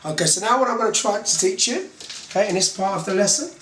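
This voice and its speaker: A man's voice: sits high, a bit bright, reverberant, a little hiss or hum. A man with a Cockney London accent teaching slang in a casual lesson, chatty and often checking in with "okay". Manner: chatty, repeats "okay" often, slow deliberate words. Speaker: English teacher.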